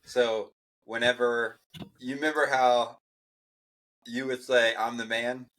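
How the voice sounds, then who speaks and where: Easygoing male podcast co-host, bright voice, quick to laugh. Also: medium pitch, little pitch movement, rough recording. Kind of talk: casual chat.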